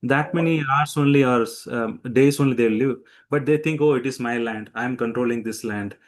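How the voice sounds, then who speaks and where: A man's voice: medium pitch, moderate pace, lightly acted. A male speaker quoting Mother Earth as a disdainful goddess. She lectures with raised, mocking emphasis, and the delivery keeps the speaker's own plain timbre. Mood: scornful. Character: Mother Earth, scornful female deity.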